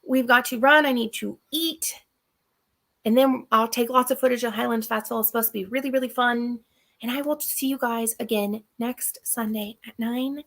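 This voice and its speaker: A woman hosts a live question-and-answer stream in an easy, chatty way. Her voice sits fairly high with a gravelly, fry-touched edge. She gives practical advice and hammers her main points home by repeating them. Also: steady tone, moderate pace, a bit bright. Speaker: channel host. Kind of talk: live Q&A chat.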